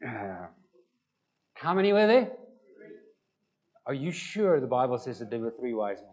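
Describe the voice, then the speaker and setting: A man's voice: mid-range voice, very animated, a little slow, a little mellow. A man preaching a conversational sermon and putting questions to the congregation. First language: Afrikaans. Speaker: pastor.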